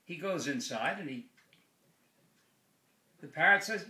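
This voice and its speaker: A man telling a long joke in a relaxed, unhurried storytelling manner. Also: a little high. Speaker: joke teller. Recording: echoey room.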